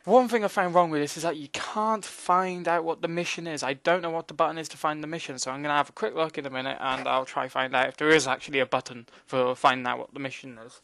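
A young man giving casual, excitable commentary while playing a game, joking and swearing at what happens on screen. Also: fairly high pitch, quick pace, vocal fry, hardly any pauses, dry recording. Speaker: gaming commentator.

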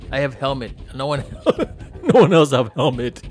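Man doing a simple excitable caveman. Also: medium pitch, normal speed, slight background noise, natural voice. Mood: proud. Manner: broken caveman English, excitable yelps.

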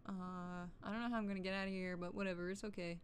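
A woman streamer talks fast at a medium pitch with fairly even intonation while she plays a game, with slight background noise. She chats, jokes and swears to herself, and she's jumpy, yelping when something startles her.

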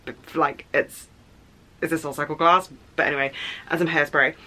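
A young woman vlogging in a casual, chatty and excitable way, rambling with fillers. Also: low voice, moderate pace, noisy background. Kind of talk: casual vlog chat.

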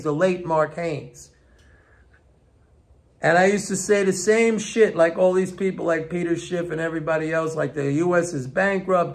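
A man's voice: high voice, fairly bright tone. An older man hosting an economics show, ranting bluntly and with exasperation at his viewers, swearing freely.

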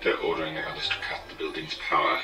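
An actor playing a calm, commanding male terrorist leader in a film, speaking in a measured way. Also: rumbling low, roomy sound, over music. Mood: cool menace. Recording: film audio with score, from far off.

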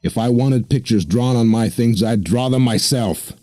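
A man doing a gruff, curt loner sailor. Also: on the low side, a little slow, warm tone, no room sound. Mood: scolding. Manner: terse, snarling. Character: gruff, solitary male sailor, cold and curt.

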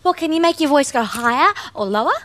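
A woman's voice: high-pitched, expressive, fast, fairly bright tone, no echo. A woman presenting a children's TV sketch, cheerful and bouncy, explaining things to the others. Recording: music playing behind.

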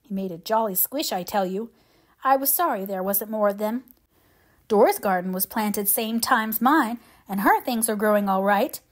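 A woman voicing an eager, excitable little boy who loves mud. She gives him a chatty, boastful delivery in a higher boyish pitch. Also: normal speed, close to an everyday voice.

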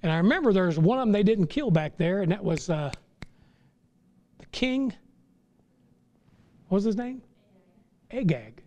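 A middle-aged man preaching a sermon from the pulpit, his voice sitting notably high for a man. He talks in a folksy, plainspoken way, then climbs into fervent, impassioned stretches. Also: lively intonation, measured pace, pauses often, darkish tone, highs cut off. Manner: folksy, rises to impassioned crescendos. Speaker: pastor.

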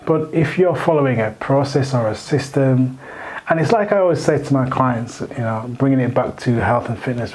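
A man from Leeds, a fitness coach hosting a casual motivational chat, who explains things in a steady way. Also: medium pitch, poor audio. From Leeds, England.

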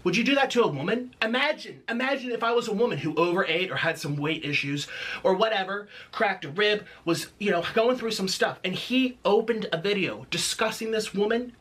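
A man's voice: high voice, expressive, moderate pace, sharp tone, breathy edge. A man delivering an angry, confrontational rant full of accusations and sarcasm. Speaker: video creator in an online feud.

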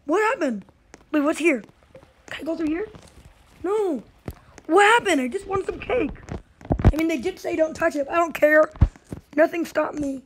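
High-voiced, jumpy woman gaming host. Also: moderate pace, long pauses, slight background noise, low-quality recording. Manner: jumpy, excitable reactions, talks to viewers as "guys". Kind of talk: gameplay commentary.

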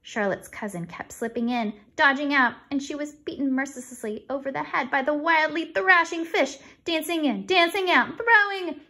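A woman's voice: moderate pace, husky. A woman voicing an eager, imaginative little farm girl in a storybook reading. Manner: excited, rising pitch.

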